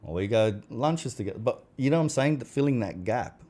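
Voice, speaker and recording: A man's voice: medium pitch, lively intonation, fairly quick, a little mellow. A man, a podcast guest talking casually and bluntly, swearing and acting out the conversations he recounts. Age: 40s. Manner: blunt, swears, acts out quoted exchanges. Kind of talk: casual chat.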